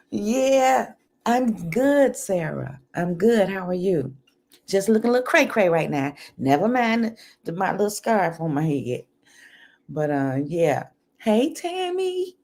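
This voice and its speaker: Older woman, home livestream host; unhurried delivery with lively pitch swings. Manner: chatty, animated, laughs often; talks softly at times. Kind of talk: casual chat with viewers. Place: home, indoors. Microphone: computer microphone.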